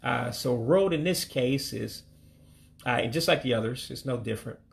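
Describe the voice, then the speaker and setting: An American man giving a casual vocabulary lesson, saying each word slowly, repeating it, then giving its English meaning. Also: medium pitch, gravelly. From United States. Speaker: language learner teaching vocabulary.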